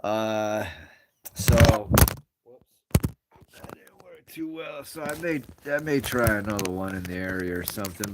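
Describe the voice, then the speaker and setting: A man's voice: lowish voice, noisy background. A man hosting a casual live stream from home on his phone, rambling and greeting viewers as they join. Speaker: livestream host.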